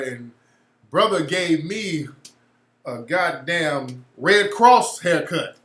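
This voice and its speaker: A man, hosting a casual livestream and telling blunt, profane, animated stories. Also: a little high, extremely slow, roomy sound. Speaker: show host.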